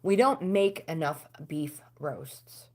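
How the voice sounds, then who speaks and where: A middle-aged American woman hosting a casual livestream, chatting with viewers and answering their comments. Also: slow. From United States. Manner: chatty, talks back to comments, pitch swings up when animated. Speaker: livestream host.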